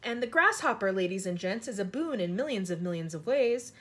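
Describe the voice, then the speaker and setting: A woman's voice: medium pitch, animated, brisk, fairly bright tone, voice pushed down, natural voice. A woman reading aloud the voice of a young boy who proudly presents his friends in rhythmic, sing-song verse. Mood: showman. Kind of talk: children's book read aloud.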